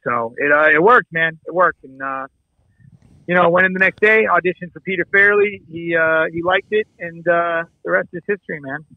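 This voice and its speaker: A middle-aged man from the Midwest, telling a story as an interview guest in an animated, casual way, acting out dialogue and swearing freely. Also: fairly high pitch, normal speed, no echo. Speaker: actor and producer guest. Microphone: remote call. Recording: dull lo-fi call audio.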